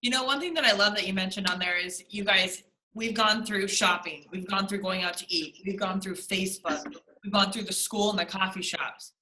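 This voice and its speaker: A young woman co-hosting a sales team call in casual motivational chat, animated, acting out little scenes and swearing lightly. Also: mid-range voice, brisk, roomy sound, slight background noise, rough recording.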